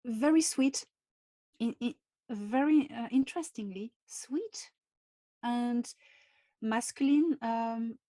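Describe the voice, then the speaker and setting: A native French speaker answers interview questions in English as a guest, her French accent clear. She talks slowly and carefully, hesitating often, in a slightly high voice with a dark tone and no echo.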